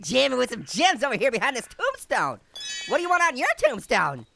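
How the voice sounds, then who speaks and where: A man voicing a cheeky, hyper male talking orange in a cartoon game let's-play, cracking puns and giggling through the commentary in a squeaky, pitched-up voice. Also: huge pitch swings, a little fast, vocal fry, bright, forceful tone, exaggerated voice. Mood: goofy. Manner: punning, giggly, constant jokes and laughter. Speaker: gaming commentator. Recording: noisy hissy recording.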